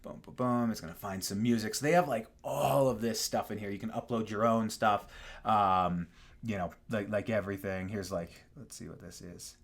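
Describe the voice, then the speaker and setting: A young man casually walking through software on screen, dropping frequent fillers and asking "right?" as he goes. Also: lowish voice, moderate pace, gravelly. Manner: relaxed, full of fillers and tag questions. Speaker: software tutorial presenter. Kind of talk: casual screen-share walkthrough.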